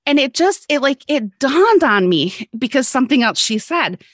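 A woman's voice: high voice, sing-song, moderate pace, no echo, clean studio sound. A woman guest on a podcast telling a personal story in a candid, casual way, swearing freely and laughing often.

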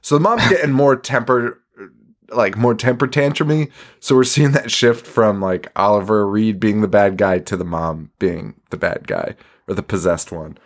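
A man's voice: fairly low pitch, normal speed. Guy on a podcast going over a movie, laughs a lot, curses constantly, totally casual. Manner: swears a lot, laughs often, rambling. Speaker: podcast host. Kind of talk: casual movie recap chat.

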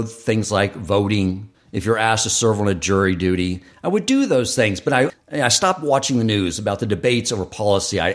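A man hosting a podcast, talking through his views in an earnest, thoughtful, storytelling way. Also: on the low side. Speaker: podcast host. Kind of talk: reflective podcast monologue.

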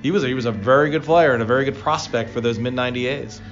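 A man co-hosting a casual baseball talk show, telling player stories with lively excitement. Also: rapid-fire, dull audio, soft background music. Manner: storytelling, animated, rising pitch when excited. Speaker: baseball podcast co-host, former player. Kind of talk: casual sports chat.

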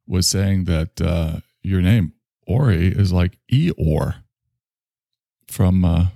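A man voicing a rambling, low-voiced figure who calls himself messy and imperfect, philosophizing with halting restarts in an improvised comedy bit. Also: gravelly, dark tone, dry recording, studio quality, heavily acted.

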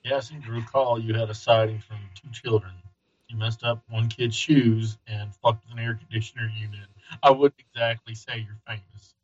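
A man playing a tabletop game, talking dry and deadpan. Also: medium pitch, moderate pace, slightly rough, muffled recording. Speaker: player. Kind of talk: in-character tabletop play.

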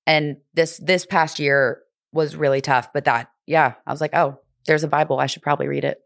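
A woman in her twenties, a fitness instructor guesting on a podcast, telling stories in a lively way and acting out her own lines. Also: low voice, moderate pace, gravelly, no echo, studio quality. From Brooklyn. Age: 20s. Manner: animated storytelling, acts out quotes. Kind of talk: casual conversation.

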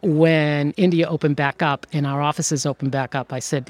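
A woman who runs an outsourcing firm, telling stories in an interview in a lively way and laughing often. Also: sits low, normal speed, hardly any pauses. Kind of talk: conversational interview storytelling.

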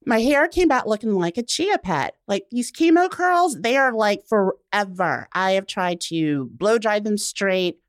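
Young adult woman, animated, conversational podcast guest; dry studio sound. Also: mid-range voice, unhurried, few pauses, no echo. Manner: expressive, acts out quotes, laughs often. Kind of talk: casual interview chat.

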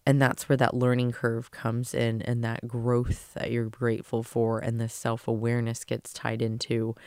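On her own podcast, a woman gives an earnest, emotional motivational talk, swearing casually and turning tearful at times. Her voice is extremely low, dark, and monotone at a moderate pace, captured in clean studio quality with no echo.

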